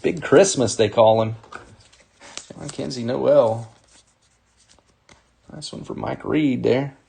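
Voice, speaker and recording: A man's voice: mid-range voice, slow pace, gravelly, warm tone, slight background noise. A man hosting a live sports card break, upbeat as he calls out players and teams while opening packs.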